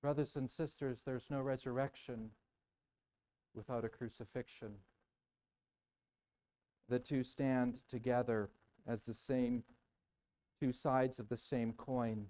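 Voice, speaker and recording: A male pastor delivering a sermon in a church sanctuary, voice pitched in the ordinary middle for a man. He preaches with dramatic swings, dropping to a hushed murmur and then rising to a loud, ringing cry. He leans on repetition to drive points home. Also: steady tone, slow pace, long pauses, low-quality recording. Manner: emphatic repetition.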